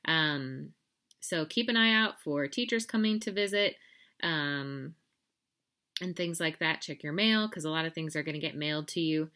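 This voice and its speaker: Bright-voiced woman teacher reading aloud. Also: sits low, moderate pace. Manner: casual, many filler ums, friendly reminders. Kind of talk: class announcements and read-aloud.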